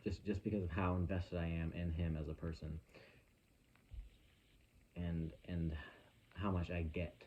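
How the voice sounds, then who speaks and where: Young male vlogger, deep low voice, earnest halting storyteller, recorded on a phone. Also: level tone, lo-fi sound, slight background noise. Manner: earnest, halting, emotional retelling. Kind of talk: casual rambling story.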